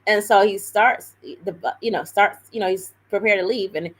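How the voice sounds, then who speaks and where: A woman's voice: medium pitch, moderate pace, rough recording. A woman on a live stream telling a story in a casual, rambling way, full of fillers and self-corrections.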